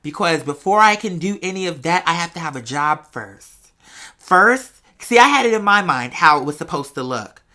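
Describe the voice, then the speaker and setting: A man's voice: a little high, normal speed. A young man hosting a podcast, chatting expressively to listeners in a casual storytelling style. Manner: expressive and chatty, addresses listeners as y'all and girl. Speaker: podcast host.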